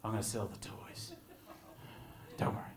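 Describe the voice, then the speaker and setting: A man voicing a devoted husband who calmly reassures his wife that he will sell his toys to keep bidding. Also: normal speed, a little hiss or hum, close to an everyday voice. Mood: reassuring. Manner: soothing, reassuring.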